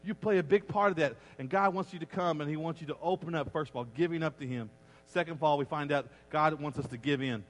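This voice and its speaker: A middle-aged man preaching a sermon as a pastor, animated and acting out the voices he quotes. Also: a little high, fast. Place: church sanctuary. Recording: long reverb of a large church hall.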